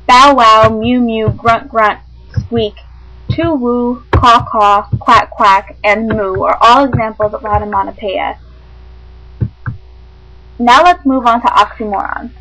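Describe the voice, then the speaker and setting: A woman with a fairly high voice reads out a literature lesson. Her delivery is measured and clear, like a classroom explanation, and she stumbles over a word now and then. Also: fairly even intonation, bright, forceful tone, rough recording. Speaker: teacher. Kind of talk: reading a lesson script aloud.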